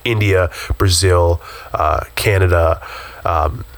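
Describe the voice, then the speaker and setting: A man's voice: deep voice, steady tone, slow pace, no echo. A man co-hosting a casual podcast, rambling and hesitant with many fillers, and swearing freely. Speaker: podcast co-host.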